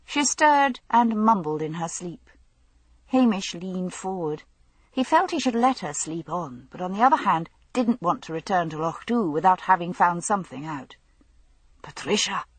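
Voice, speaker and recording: Low, husky woman narrator for a mystery audiobook; dry, measured read. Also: animated, no echo.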